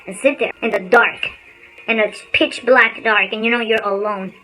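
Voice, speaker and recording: A woman giving a casual motivational talk on a livestream, an animated storyteller who speaks bluntly and swears casually. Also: fairly high pitch, normal speed, low-quality recording. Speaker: spiritual insights channel host.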